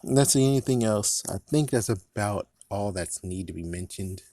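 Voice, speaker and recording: A man's voice: lowish voice, normal speed, dark tone, dry recording, clean studio sound. A man in casual movie commentary, rambling, swearing and laughing at his own jokes. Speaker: vlogger.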